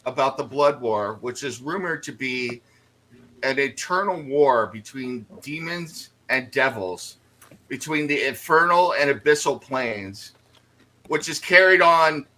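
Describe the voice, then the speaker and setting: A man running a tabletop game as dungeon master, explaining the setting in relaxed narration. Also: mid-range voice, rough recording.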